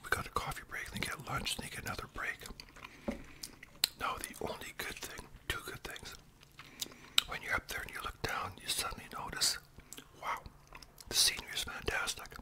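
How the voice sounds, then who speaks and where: A man's voice: moderate pace, long pauses. A man in his sixties telling a long story in a whispered ASMR voice, rambling and adding tag questions as he goes.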